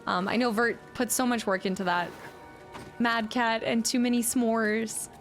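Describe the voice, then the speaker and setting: A woman with a highish voice and fairly even intonation chats unhurriedly with viewers while gaming on a live stream. She laughs often and thanks people for donations and follows, with soft music behind her.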